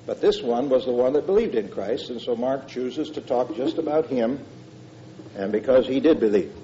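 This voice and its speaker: An older man preaches a verse-by-verse sermon in a loose, conversational way, pressing his points with emphasis and stumbling through fillers and restarts. His voice is dark and mellow. The recording is a dull, muffled old tape with a faint low rumble underneath. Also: lively intonation, moderate pace.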